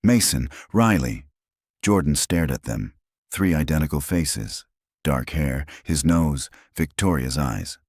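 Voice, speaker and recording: A man narrating a scripted drama story in a measured storytelling way. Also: rumbling low, darkish tone, no echo, studio quality.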